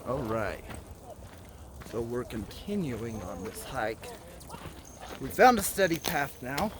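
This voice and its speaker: A man's voice: medium pitch, slow pace. A man talking casually to his camera on a hike, goofy and joking, climbing a rocky outdoor trail as he talks. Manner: goofy, joking, excitable asides; walking and climbing while talking. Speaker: vlogger and root beer reviewer. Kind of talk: casual hiking vlog. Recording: outdoor phone video with wind noise.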